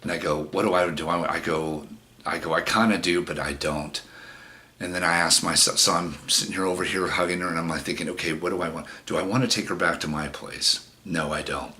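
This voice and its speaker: A man's voice: low voice, steady tone, fairly quick, sharp tone. A middle-aged man telling a personal story in a rambling, frank and profane way, with many restarts. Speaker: vlogger. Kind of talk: casual storytelling monologue.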